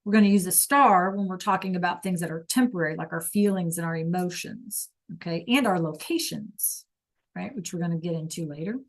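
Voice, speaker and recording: A woman teaching a class over a video call, explaining slowly and patiently and checking in with "okay?" all the time. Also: lowish voice. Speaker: Spanish teacher.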